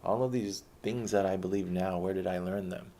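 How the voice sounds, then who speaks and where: A man's voice: low-pitched, steady tone, normal speed, warm tone. A man telling a personal story in a blunt, rambling way, retelling conversations as he goes.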